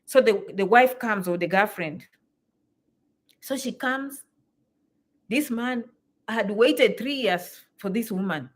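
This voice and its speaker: A woman, telling stories to her viewers in a lively, exclamatory way and repeating phrases for emphasis. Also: medium pitch, measured pace, long pauses. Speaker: vlogger. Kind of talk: animated storytelling to camera.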